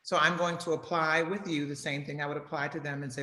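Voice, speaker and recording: A middle-aged woman speaks as a guest over a video call. Her voice is bright and pushes hard. She repeats her key phrases for emphasis, and the sound is roomy and echoey. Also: low voice, steady tone, fast. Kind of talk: casual video interview.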